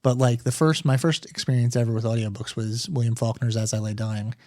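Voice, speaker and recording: A man co-hosting a book podcast who tells animated, self-deprecating stories. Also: medium pitch, fairly quick, dry recording, clean studio sound. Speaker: podcast co-host. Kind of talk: casual book-club chat.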